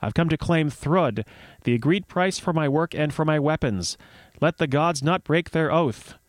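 A man's voice: a little high, lively intonation, normal speed, no room sound, close to an everyday voice. A man voicing a blunt, boastful male dwarf suitor in a read-aloud myth, speaking testily and impatiently. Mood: testy. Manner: testy and impatient.

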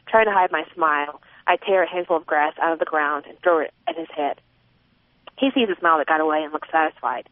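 A woman's voice: sits low, brisk, no room sound. A woman narrating a first-person novel, expressively voicing a young girl's thoughts. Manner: expressive, voicing a twelve-year-old girl's inner thoughts. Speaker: audiobook narrator. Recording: narrow phone-like sound, dry.

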